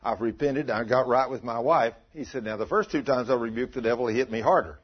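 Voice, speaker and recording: A fairly quick, medium-pitched male voice with a breathy edge preaches a sermon on a dull lo-fi recording. He tells a story animatedly, acting out lines of dialogue and quoting scripture.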